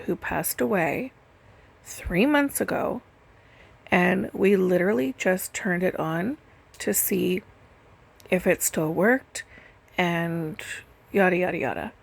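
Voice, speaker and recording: A nail and lash technician narrates her stories in a relaxed voice-over recorded on its own, sprinkling in "like" and "literally" constantly. She speaks in a mid-range voice that is gravelly and slightly rough.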